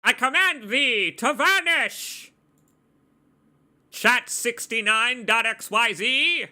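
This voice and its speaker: A man putting on a booming sorcerer voice. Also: animated, pushed and bright, exaggerated voice. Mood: commanding. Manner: slow, booming, theatrical. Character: grandiose male sorcerer, bellowing commands.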